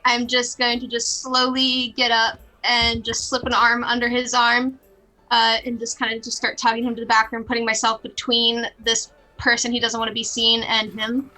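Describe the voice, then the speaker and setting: A woman's voice: on the high side, monotone, normal speed, bright, forceful tone, low-quality recording. A woman playing a tabletop game, hesitantly describing her character's moves. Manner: hesitant, lots of "just". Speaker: player.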